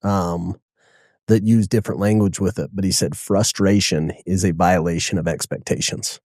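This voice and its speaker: Low, mellow-voiced reflective man host. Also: fairly even intonation, normal speed, no echo, clean studio sound. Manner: reflective, affirming with short "yeah"s. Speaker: podcast host. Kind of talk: casual interview chat.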